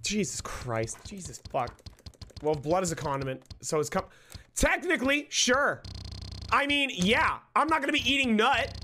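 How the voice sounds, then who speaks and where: A man's voice: sits high, very animated, normal speed, bright, forceful tone, slight background noise. A man streaming live, ranting with emphasis and mock outrage, swearing often.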